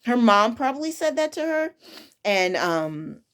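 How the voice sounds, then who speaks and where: A woman's voice: a little high, big pitch swings, unhurried, fairly bright tone. A young woman who works as a preschool teacher talks casually and frankly, with a firm tone and many restarts and self-corrections. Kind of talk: casual personal storytelling.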